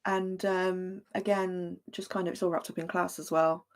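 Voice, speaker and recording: A woman co-hosting a casual podcast chat, talking in a hesitant, thoughtful way with many pauses and fillers. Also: fairly low pitch, flat delivery. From Britain. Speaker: podcast co-host.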